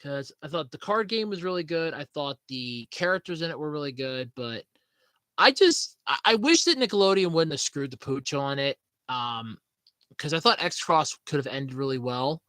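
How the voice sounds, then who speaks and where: A man's voice: on the high side, animated, normal speed, bright, forceful tone, dry recording. A man hosting a podcast in casual, rambling chat, swearing freely and laughing at his own jokes. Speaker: podcast host.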